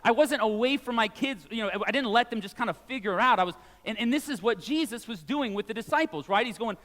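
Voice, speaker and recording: Male pastor, 40s, high voice, chatty animated sermon in a reverberant hall. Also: a little fast. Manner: animated, conversational preaching with asides.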